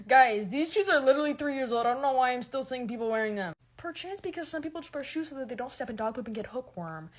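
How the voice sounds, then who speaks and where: A young woman doing a sarcastic, exasperated comic monologue to a phone camera, swinging from loud outbursts to mumbled asides. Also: a little high, expressive, racing, hardly any pauses. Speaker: comedy TikTok creator.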